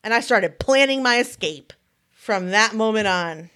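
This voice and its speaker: A woman in her early forties co-hosts a casual podcast chat, speaking at a measured pace in a mid-range voice. She tells stories animatedly, acting out what people said.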